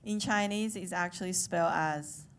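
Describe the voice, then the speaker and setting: A woman's voice: on the low side, normal speed, a little hiss or hum. A young adult woman doing a live stand-up routine, telling her story in a playful, self-amused way. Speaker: stand-up comedian. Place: live comedy stage before an audience. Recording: live show with audience laughter.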